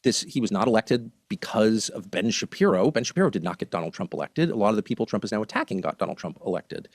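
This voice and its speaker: Impassioned American man, fast and lively. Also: lowish voice, no room sound. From United States. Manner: emphatic, impassioned, heartfelt. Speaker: interview guest. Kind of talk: political interview.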